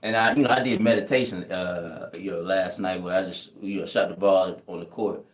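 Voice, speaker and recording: A man's voice: low-pitched, steady tone, brisk. A young man hosting a casual live chat, rambling in laid-back slang and often asking "you know what I'm saying". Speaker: channel host answering live chat. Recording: echoey room.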